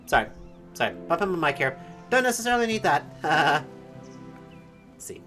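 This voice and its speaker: A woman talks through a game as she plays it, chatty and quick to laugh at herself. Her voice sits lowish but jumps around in pitch, and she hums between lines. It has the loose feel of let's play commentary. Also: very animated, fairly bright tone, faint music behind. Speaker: game streamer.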